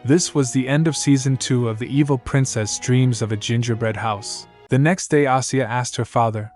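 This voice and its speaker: A man narrating a comic story recap in an even, scripted storybook manner. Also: medium pitch, moderate pace, few pauses, soft background music.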